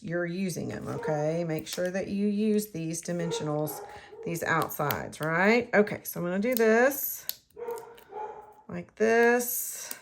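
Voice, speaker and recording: A woman's voice: fairly low pitch, slight background noise. A middle-aged woman, chatting her way through a card-making tutorial and talking to herself as she works. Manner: chatty, rambling, talks to herself while working. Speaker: craft demonstrator.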